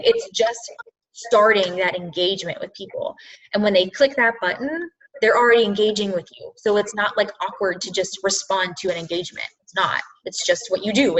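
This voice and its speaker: A woman's voice: medium pitch, fairly bright tone, distant mic. An earnest woman talks to her team on a video call, repeating her points for emphasis. Her voice sits in a middle register. The audio is dull and lo-fi. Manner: earnest, filler-heavy, repeats herself for emphasis. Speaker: coach leading a team call. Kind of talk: casual motivational talk on a video call.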